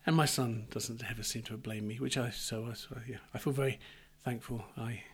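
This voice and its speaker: A man's voice: medium pitch, steady tone, brisk, breathy edge. A middle-aged man chatting casually, telling rambling anecdotes with restarts and laughter. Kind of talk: casual chat.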